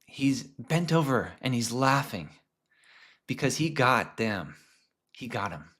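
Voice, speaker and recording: A man presenting a lesson on film characters, telling a story in a conversational way with frequent restarts and some soft, hushed stretches. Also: medium pitch, very animated, takes it slowly. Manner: conversational, many restarts, drops to a hush at times.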